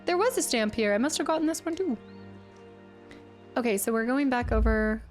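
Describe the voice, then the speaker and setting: A woman's voice: a little high, expressive, normal speed, faint music behind. A young woman streaming a game, chatting casually and joking around with silly voices. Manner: playful, jokey, trying out silly voices.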